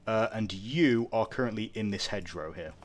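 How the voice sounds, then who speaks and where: A man's voice: fairly low pitch, normal speed. A man narrating as game master of a tabletop game. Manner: lively narration, stumbles on map tools.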